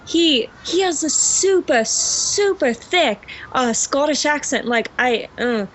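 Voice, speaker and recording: A woman's voice: high-pitched, animated, slow pace, a bit bright, slight background noise. A woman from Russia chatting as a podcast guest in a put-on English accent, gushing and giggly with lots of fillers. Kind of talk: casual podcast chat. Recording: muffled lo-fi recording.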